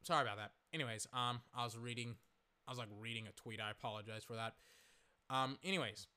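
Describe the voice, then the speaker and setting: A hoarse young man giving casual, rambling live commentary on a basketball game, full of fillers and swearing. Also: mid-range voice, steady tone, quick pace, sharp tone.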